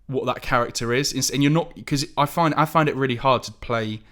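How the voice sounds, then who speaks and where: Man, podcast co-host, casual, animated storytelling, mid-pitched voice. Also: fairly quick. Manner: animated storyteller, acts out quoted lines. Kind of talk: casual chat.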